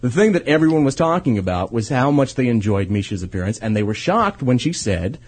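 Teasing, husky male co-host. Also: mid-range voice, big pitch swings, a little fast. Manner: teasing, needling. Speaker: radio show co-host. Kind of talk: casual comedic banter.

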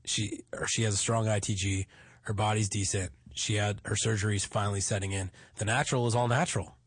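A man's voice: on the low side, brisk, slightly rough, dry recording, studio quality. A man co-hosting a podcast, talking bluntly and crudely in casual banter. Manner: blunt, animated, swearing. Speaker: podcast co-host.

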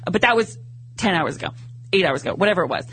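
A man chatting as a talk show guest, telling an animated story and acting out his own reactions. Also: high-pitched, rapid-fire, a little hiss or hum. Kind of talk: casual talk show chat.

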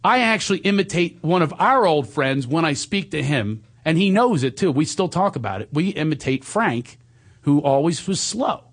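A man telling stories in casual chat, animated and quick to slip into silly voices. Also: on the high side. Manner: animated storyteller, slips into silly friend voices.

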